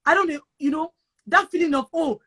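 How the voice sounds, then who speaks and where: A Nigerian woman with a high-pitched voice talks in casual chat. She is emphatic and repetitive, hammering her points home like a preacher. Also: a little fast, bright, forceful tone. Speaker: guest sharing advice on moving abroad.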